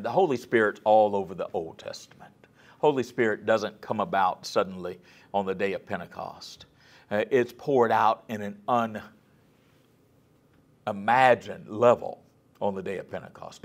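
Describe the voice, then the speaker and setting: A man giving a guest lecture on scripture in a folksy storytelling manner, asking the audience questions and sometimes dropping to a soft, near-whispered voice for emphasis. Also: fairly low pitch.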